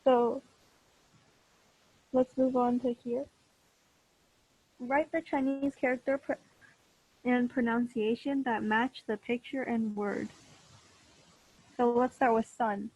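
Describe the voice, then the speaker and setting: A woman's voice: a little high, level tone, slow pace, long pauses, darkish tone, slightly rough, muffled recording. A woman teaching a language class online over a video call, patient and encouraging, with many fillers. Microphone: computer mic on a video call.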